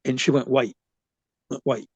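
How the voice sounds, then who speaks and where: A man's voice: mid-range voice, fairly even intonation, normal speed, husky, no echo, lo-fi sound. Older man telling his story, dry sound. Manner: rambling, with many restarts and fillers. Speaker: interview guest. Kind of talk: personal storytelling.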